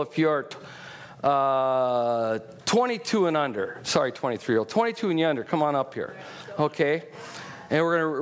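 A middle-aged man preaches with a slightly high voice. He tells stories and urges his listeners on in an animated, exhorting manner. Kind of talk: sermon.

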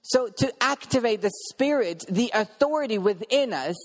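A man's voice: very high-pitched, lively intonation, moderate pace, long reverb tail. A man preaching a sermon, earnestly telling a personal story in vivid present tense. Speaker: preacher sharing a testimony.

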